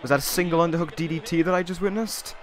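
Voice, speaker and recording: A man's voice: on the high side, fast. A man giving casual, joking play-by-play commentary on a wrestling video game, slipping into mock announcer phrasing.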